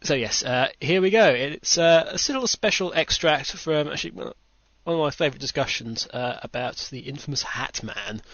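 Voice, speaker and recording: A man's voice: fairly high pitch, animated, moderate pace, hardly any pauses, a bit bright, dry recording. A British man hosting a podcast in casual chat, rambling with dry self-mocking asides. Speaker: podcast host. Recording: dull lo-fi home recording.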